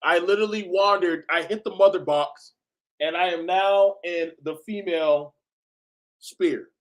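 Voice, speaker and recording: A man hosting a reaction video, talking in an animated, exclaiming way and laughing often. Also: high-pitched, measured pace. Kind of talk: reaction commentary.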